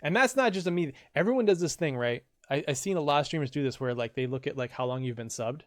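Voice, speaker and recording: A man streaming a game and reading out viewer quotes in casual, rambling chat, jumping into loud, high voices when he quotes someone. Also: expressive, fast talker.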